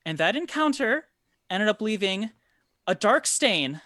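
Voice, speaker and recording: A woman voicing a frazzled, nervous noblewoman in a tabletop game, higher than her own voice and apologetic. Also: very animated, measured pace, fairly bright tone, no room sound, clean studio sound. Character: frazzled, shaky young noblewoman with dark blood.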